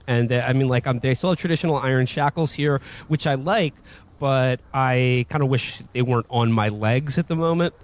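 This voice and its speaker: A man in a tabletop game session with a mid-pitched voice. He rambles in a wry, mock-earnest tone, circling back on his own phrases. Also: moderate pace. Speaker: player.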